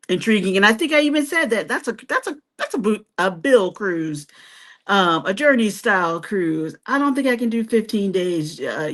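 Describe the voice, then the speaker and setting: A woman hosting a live stream who chats casually with viewers and reads their comments. She is chatty, laughs often and teases herself. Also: lowish voice. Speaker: host of a cruise travel channel.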